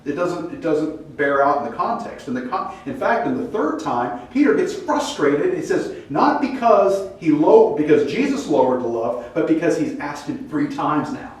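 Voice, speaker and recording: A man teaching a Bible class in a casual lecture style, acting out quoted lines with lively pitch jumps. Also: moderate pace, few pauses. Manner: animated, acts out quoted dialogue with rising pitch. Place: church classroom. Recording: distant echoey room mic with faint noise.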